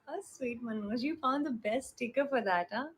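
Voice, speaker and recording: A woman's voice: a little high, normal speed, slight background noise, poor audio. A young woman hosting a live stream, chatting affectionately with viewers and greeting them by name.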